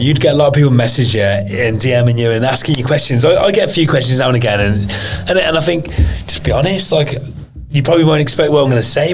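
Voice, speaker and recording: A man with an ordinary middle-pitched voice, chatting as a podcast guest. He speaks bluntly and earnestly, with restarts and frequent swearing. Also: darkish tone. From England. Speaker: podcast guest, pro MMA fighter. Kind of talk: casual interview chat.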